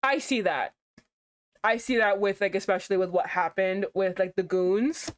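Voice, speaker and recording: A young adult woman streamer giving casual commentary on a game she is playing, reacting with animated outbursts. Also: normal speed. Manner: animated, swings into high exclaims.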